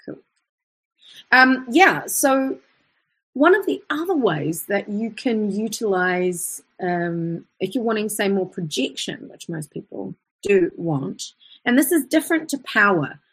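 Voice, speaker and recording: Her mid-range voice is husky, a bit bright and sing-song, delivered at a measured pace. She's an Australian voice coach leading a live online singing lesson, chatting and breaking into short vocal examples as she explains.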